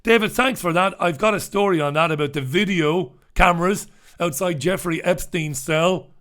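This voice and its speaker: Sitting in a dark room, a man runs a live newspaper review, keeping it casual like live-stream commentary. His voice sits high and a bit bright, at normal speed. There's a sardonic tone throughout, with mock-dramatic flair on the headlines.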